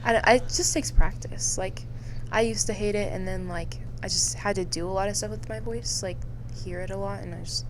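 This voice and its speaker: A young woman hosts a casual school podcast, upbeat and full of fillers. Her pitch sits in the middle range. Clear noise hangs under the recording. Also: brisk. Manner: upbeat, filler-heavy talk. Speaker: student podcast host. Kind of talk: casual chat.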